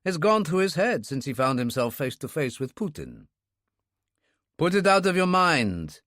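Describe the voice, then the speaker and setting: Man voicing a calm, guarded hard man. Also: no room sound, studio quality. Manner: measured, low, unhurried.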